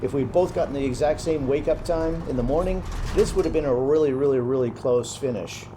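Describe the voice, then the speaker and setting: A young man giving relaxed, casual commentary over his own gameplay, thinking aloud as he plays. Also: mid-range voice, brisk, noisy background. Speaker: gaming commentator.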